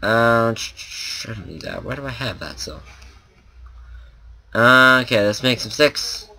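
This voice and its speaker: A man's voice: mid-range voice, animated, takes it slowly, pushed and bright. A man giving casual gameplay commentary as a let's play host, rambling and thinking aloud with lots of fillers.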